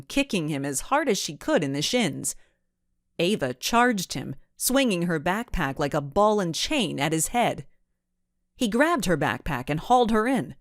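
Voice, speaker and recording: A woman narrates a children's mystery audiobook in a lowish, expressive voice that rises and falls with the action. She reads at an unhurried pace, and the recording is close and dry with no room sound. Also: no echo. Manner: expressive storytelling.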